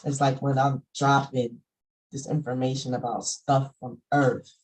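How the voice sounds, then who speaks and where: Slow, mellow-voiced middle-aged woman vlogger. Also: rumbling low, little pitch movement, rough recording. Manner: folksy and conversational, with sudden emphatic outbursts. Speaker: essential oils vlogger. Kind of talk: casual spiritual teaching monologue.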